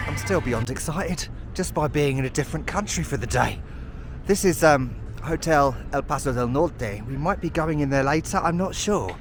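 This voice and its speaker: A man's voice: fairly high pitch, lively intonation, moderate pace, over music. A British man narrating a walking travel vlog outdoors on city streets, chatty and self-mocking with sarcastic asides. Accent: British English. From United Kingdom. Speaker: travel vlogger.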